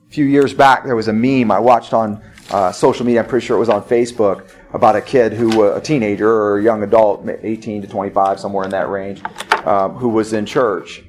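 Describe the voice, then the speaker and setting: A man preaching a sermon as pastor, earnest, moving from hushed low passages to insistent urging. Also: steady tone, fairly quick, reverberant, slight background noise.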